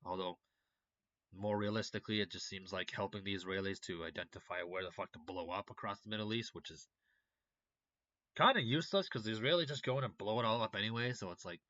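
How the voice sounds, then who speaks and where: A man's voice: fairly low pitch, fast talker, pushed and bright, dry recording, muffled recording. A young man doing a casual, profane political rant for his channel, sarcastic and heated. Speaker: political commentary channel host. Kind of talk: casual ranting commentary.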